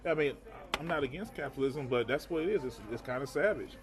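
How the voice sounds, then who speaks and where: A man's voice: mid-range voice, quick pace. Man, casual chat, rambling storyteller, repeats himself, crowd noise behind. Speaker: podcast co-host.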